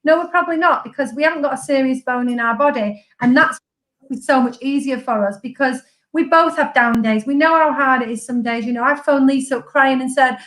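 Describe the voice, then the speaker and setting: A woman's voice: sits high, a little fast, fairly bright tone, rough recording. A woman who is a guest on a podcast, chatting casually and joking, laughing often.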